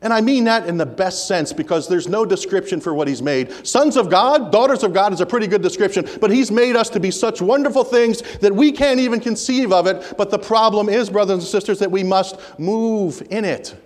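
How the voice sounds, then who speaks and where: A man's voice: high voice, fairly quick, hardly any pauses. A man preaching a sermon in a church, earnest and repeating key phrases for emphasis. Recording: reverberant hall.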